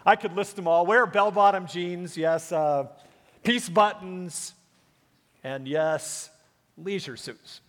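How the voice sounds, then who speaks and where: Pastor, man, fifties, high-pitched, emphatic preaching with rhetorical questions, long church reverb. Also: slow pace, fairly bright tone. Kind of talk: sermon. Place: large church sanctuary.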